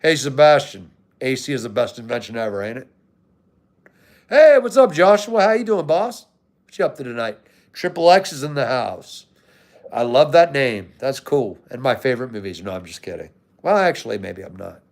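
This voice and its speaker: A man's voice: mid-range voice, animated, fairly quick, creaky. An American man hosting a livestream, chatting casually with viewers in a laid-back way and swearing now and then. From United States. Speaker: livestream host. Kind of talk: casual live chat answering viewers.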